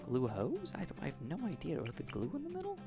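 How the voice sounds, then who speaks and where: Talking fast over music, a twentysomething male gaming YouTuber rambles chattily through a story during gameplay, voicing other people's lines as he goes. His voice sits a little high, creaky, with huge swings in pitch.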